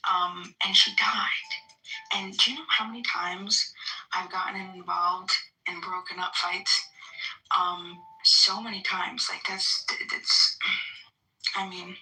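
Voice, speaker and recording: A woman's voice: on the low side, little pitch movement, sharp tone, recorded from a distance, faint music behind. Rambling woman on an echoey phone line. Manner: rambling, quick, lots of fillers and laughter. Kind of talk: casual chat.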